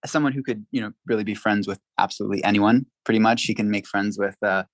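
A man guesting on a podcast, telling a story in a lively, casual way, full of "like" and acted-out quotes. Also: fairly low pitch, fast, no room sound, rough recording. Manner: animated, acts out quotes, frequent "like" fillers.

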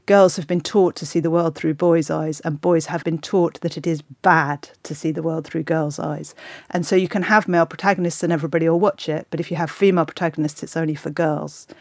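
A woman's voice: on the low side, dry recording, clean studio sound. A woman hosting a casual chat about films, enthusiastic and opinionated. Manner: enthusiastic, opinionated, quick to act out quotes. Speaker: podcast host discussing films.

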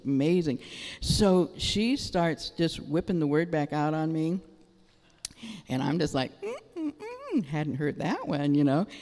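Middle-aged woman preaching, lively storytelling testimony, big echoey hall, lots of reverb. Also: lowish voice. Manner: animated, exclaiming. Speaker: church speaker. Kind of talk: sermon testimony. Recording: long reverb of a large hall.

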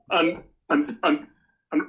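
Irish man telling stories, lo-fi. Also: a little high. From Ireland. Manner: animated storyteller, laughing, stumbling restarts. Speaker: guest. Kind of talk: casual anecdote telling. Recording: dull lo-fi recording.

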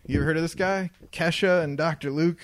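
A man co-hosting a casual podcast, talking bluntly and profanely in crude banter at an unhurried drawl. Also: on the high side, fairly even intonation, slight background noise. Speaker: podcast co-host.

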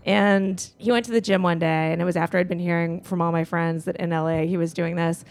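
A woman comedian chatting on a podcast, telling her story with animated bursts. She keeps it loose and conversational and acts out other people's lines as she goes. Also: fairly low pitch, fairly quick. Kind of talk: casual storytelling chat.

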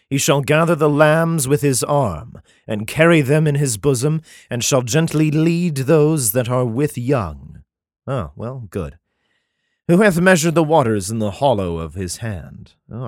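A congested man reading old bible verses slowly and solemnly, then breaking off with profane, sarcastic asides and clearing his throat. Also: medium pitch, dry recording, studio quality. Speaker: scripture reader and commentator. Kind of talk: bible reading with irreverent commentary.

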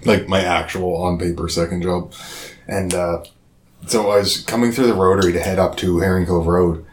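A man in his thirties from Nova Scotia with a fairly low voice. He tells a story in a casual chat, animated and profane, and acts out the lines of the people in it. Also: moderate pace, a little hiss or hum. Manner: profane, animated retelling with acted-out quotes.

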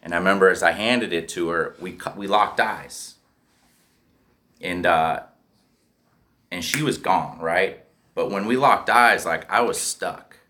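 A man's voice: deep voice, unhurried, pauses often, sharp tone. A man telling his recovery story in a candid, profane way, often checking in with "right?". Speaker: speaker sharing a recovery story. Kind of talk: personal storytelling.

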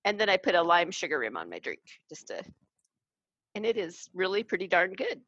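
Woman, podcast co-host, playful, laughing, animated pitch, dull lo-fi sound. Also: fairly quick, no echo. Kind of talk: casual chat.

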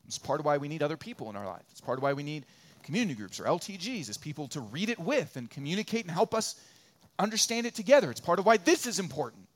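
Guy preaching a sermon, emphatic, repeats lines, gets loud then goes quiet, chatty and joking in between. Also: sits high. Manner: emphatic, repeats phrases for rhythm, shifts from loud peaks to quiet asides; conversational and joking, acts out little quoted voices. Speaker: pastor.

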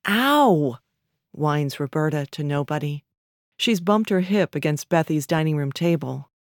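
A woman narrating literary fiction in a measured, even storytelling manner. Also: low-pitched, no room sound, clean studio sound.

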